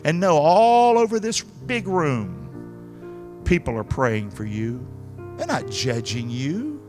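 A man preaching as pastor, pleading and repeating himself, moving between hushed prayer and loud exhortation in a large church hall. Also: on the high side, huge pitch swings, slow, music in the background. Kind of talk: sermon and altar call.

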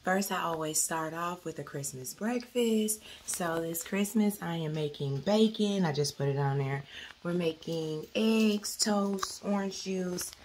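A woman's voice: on the low side, measured pace, a little mellow, a little hiss or hum. A young woman, a mother, chatting casually to her camera in a family vlog and often saying "you guys" and "y'all". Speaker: vlogger, working mom of three.

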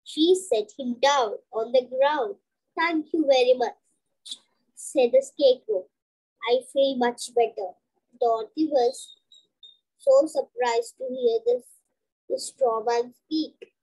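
A young reader reading a storybook aloud slowly and carefully, with restarts and repeated words. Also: female voice, sits high, lively intonation, dark tone, slightly rough, low-quality recording. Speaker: student reader.

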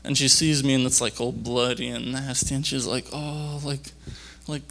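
A young man giving a rambling personal testimony at a church youth conference, halting and full of fillers and restarts. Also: medium pitch, level tone, vocal fry, fairly bright tone. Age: young adult.

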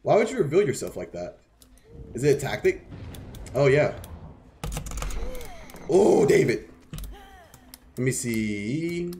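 A man's voice: mid-range voice, big pitch swings, takes it slowly, creaky, long pauses, warm tone, slight background noise. A man streaming a game live, casually explaining strategy while teasing the players on screen and swearing freely. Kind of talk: live gameplay commentary.

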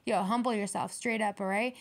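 A woman's voice: mid-range voice, steady tone, brisk. A woman giving a casual tarot reading, blunt and streetwise, swearing freely and talking straight to her viewers. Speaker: tarot reader.

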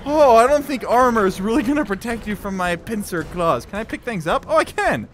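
A young man giving excitable, playful commentary while playing a virtual reality game, talking to the enemies as he fights them. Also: high-pitched, a little fast, a little hiss or hum. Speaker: gaming YouTuber.

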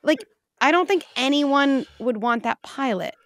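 A woman's voice: high-pitched, normal speed, no echo. A woman, a clinical psychologist guest, talking casually in an interview and acting out little scenes. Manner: animated, acts out scenes with quoted voices.

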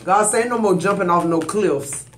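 A man's voice: sits high, normal speed, fairly bright tone, a little hiss or hum. Guy doing a tarot reading, preachy and emphatic, aave, echoey room. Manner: preachy, emphatic, addresses viewers directly. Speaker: tarot reader. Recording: roomy echo.

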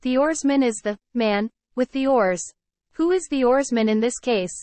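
A woman teacher reading a story aloud to children, pausing to explain words. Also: a little high, lively intonation, a little mellow, no room sound. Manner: clear, explaining, addresses children. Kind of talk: read-aloud lesson with word explanations.

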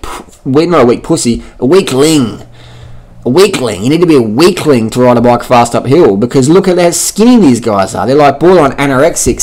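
A man's voice: mid-range voice, a little mellow. Aussie guy giving sweary, mocking commentary over race clips, blunt as anything, buzzing noises here and there. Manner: adds buzzing sound effects. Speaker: cycling vlogger.

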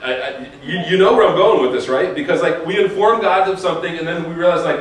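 A man giving a relaxed, humorous sermon in a church, acting out quoted prayers as he talks to the congregation. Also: on the high side, quick pace, hardly any pauses. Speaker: preacher. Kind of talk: conversational sermon. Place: church sanctuary. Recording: echoey room, distant mic, faint hiss.

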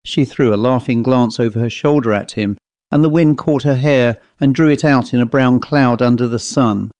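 A man reads a ghost story aloud at a measured, atmospheric pace. His voice sits mid-range, and the recording is dry and close with no room sound. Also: mid-range voice, darkish tone, dry recording, dull audio. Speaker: audiobook narrator. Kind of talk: scripted narration of a ghost story.

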